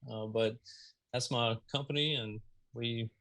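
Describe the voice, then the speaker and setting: Man, Southern accent, bright tone, animated, casual storytelling, video call guest. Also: mid-range voice, a little slow. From Mississippi, US. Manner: animated, laughs while telling stories. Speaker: podcast guest.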